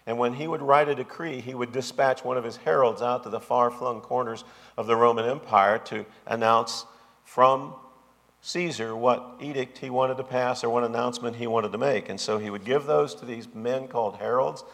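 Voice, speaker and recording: A man's voice: mid-range voice, steady tone, moderate pace, creaky, a bit bright. A man preaching a sermon as pastor, with an emphatic, repetitive cadence. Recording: long hall reverb.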